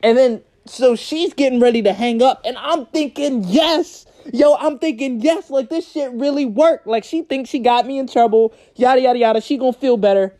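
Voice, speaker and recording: A man's voice: extremely high pitch, fairly quick, few pauses, mellow. A young man telling a personal story in a casual, slangy storytime vlog, laughing as he goes.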